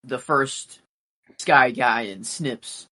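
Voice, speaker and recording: A man's voice: medium pitch, very slow, bright, forceful tone. Rambling young man on a podcast. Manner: rambling, hesitant, many fillers. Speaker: podcast co-host. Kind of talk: casual fan podcast chat.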